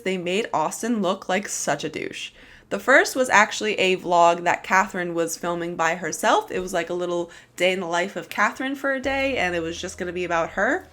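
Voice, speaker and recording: A woman's voice: medium pitch, a bit bright. A woman giving casual commentary on online drama, sassy and dramatic, swearing freely. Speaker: commentary YouTuber.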